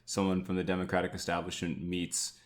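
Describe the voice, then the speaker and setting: Deep-voiced young man, dry sarcasm. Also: completely flat delivery, a little fast. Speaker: podcast co-host. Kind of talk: casual political chat.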